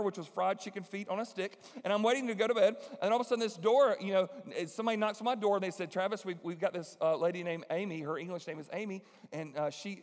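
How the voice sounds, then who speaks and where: A man preaches a sermon at a rapid clip, his voice sitting high for a man. He tells his story in an animated way, slipping into acted voices. The sound carries a long reverb from a large hall.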